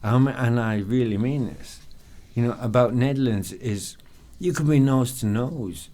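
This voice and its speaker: A man's voice: medium pitch, measured pace, mellow. An English man with an English accent in casual podcast chat, rambling with many fillers and frequent swearing. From England. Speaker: podcast guest.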